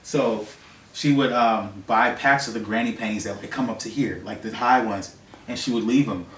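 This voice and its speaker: A trans man telling personal stories in a relaxed interview, soft-spoken and given to bursts of laughter. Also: lowish voice, moderate pace, roomy sound, far from the mic, slight background noise. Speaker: interview guest. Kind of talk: relaxed storytelling.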